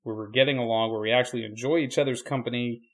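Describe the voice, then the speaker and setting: Man, preacher, podcast co-host, casual chat, easygoing, deadpan humor. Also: mid-range voice, fast talker. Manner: easygoing, reflective, dry deadpan jokes.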